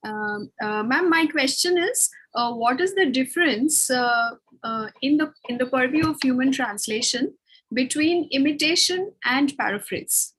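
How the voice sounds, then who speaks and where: A woman's voice: sits high, animated, measured pace, fairly bright tone, breathy edge, poor audio. A woman putting a question to a lecturer on a video call, hesitant and full of fillers. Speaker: participant asking a question.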